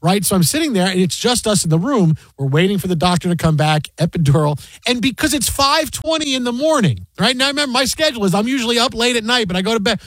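A middle-aged man hosting sports radio, animated and storytelling, acting out the voices he quotes. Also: high-pitched, quick pace, hardly any pauses, slight background noise. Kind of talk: casual sports talk.

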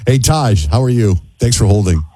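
A man hosting a morning radio phone-in, brisk and joking with the callers. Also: lowish voice, lively intonation, dark tone, slight background noise. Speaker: radio host.

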